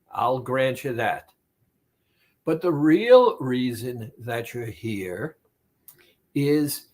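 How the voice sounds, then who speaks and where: Male therapist, fairly high voice, slow and emphatic, motivational talk straight to the listener. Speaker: weight-loss therapist.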